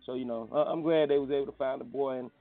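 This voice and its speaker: A man hosts a casual morning show, talking loosely with plenty of slang and fillers. His voice sits at an ordinary pitch. The sound is thin and phone-like. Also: steady tone, fast talker, soft background music. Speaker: host.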